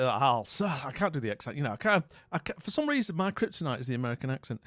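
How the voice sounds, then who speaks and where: A British channel host tells a casual anecdote, rambling and chatty with plenty of asides and self-mocking jokes. His fairly high voice is sing-song and a bit bright, and he talks fast with few pauses. The studio-quality recording has no room sound.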